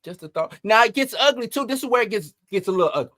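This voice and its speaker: Brief: lively male commentary host, high-pitched and animated. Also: fast, no echo, studio quality. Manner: animated, emphatic, rhetorical questions. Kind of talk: entertainment news commentary.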